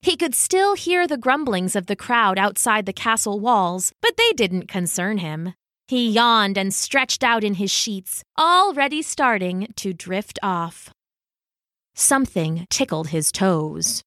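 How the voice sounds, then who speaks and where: A woman reading a children's storybook aloud in an expressive, unhurried way. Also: mid-range voice, no room sound, studio quality. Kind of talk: storybook read-aloud narration.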